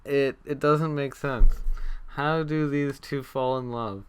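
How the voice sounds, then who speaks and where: A man's voice: mid-range voice, takes it slowly, clear, resonant tone. A man casually reviewing anime he watched, rambling with many fillers, restarts and dry sarcastic asides. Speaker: anime vlogger.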